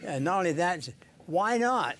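An older man giving an informal sermon on scripture, halting, with many "uh"s, restarts and little chuckles. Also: high-pitched, animated, fairly bright tone. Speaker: Bible teacher.

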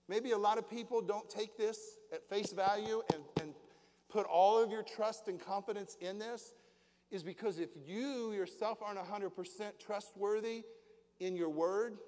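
High-voiced preacher in a reverberant hall. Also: male voice, a little mellow. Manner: folksy preaching, rhetorical questions to the congregation. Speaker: pastor. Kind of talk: sermon. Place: church hall.

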